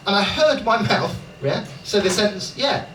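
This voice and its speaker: A man's voice: high-pitched, lively intonation, moderate pace, distant mic. A man from Dorset doing chatty, profane stand-up with crowd work in a London comedy club, tagging lines with "right?". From Dorset, England. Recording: roomy live club, loud audience noise.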